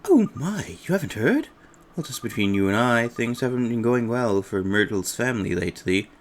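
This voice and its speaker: Player doing a gossipy old lady neighbor, fussing and sympathetic, lively and quiet. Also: medium pitch, moderate pace.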